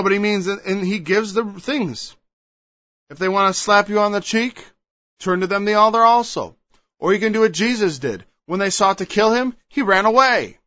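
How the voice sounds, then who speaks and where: Heard in a dull, lo-fi dry recording, a man preaches in a high, pushed and bright voice. He reads from scripture and explains it, emphatic and full of digressions, acting out quoted voices along the way.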